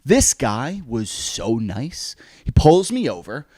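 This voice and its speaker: A man's voice: mid-range voice, slow, no echo, studio quality. A young man chatting on a podcast, telling stories and acting out the people in them. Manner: animated storyteller, acts out quotes. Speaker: podcast co-host. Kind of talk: casual chat.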